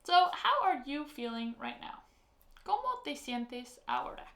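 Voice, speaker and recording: A woman teaching a Spanish lesson, explaining slowly and patiently, with spoken example phrases. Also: high voice, big pitch swings, a bit bright, roomy sound. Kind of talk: online language lesson.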